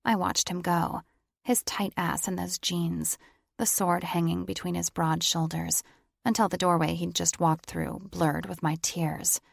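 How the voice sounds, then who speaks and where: A woman narrating a first-person romance audiobook in plain, even storytelling. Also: fairly low pitch, unhurried, vocal fry, dry recording, clean studio sound.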